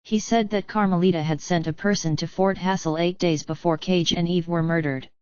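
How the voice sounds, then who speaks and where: A woman reading the lines of a shadowy male informant who reports in an indifferent, quiet way. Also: fairly high pitch, fairly even intonation, a little fast, smooth, natural voice. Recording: dull, lo-fi, dry.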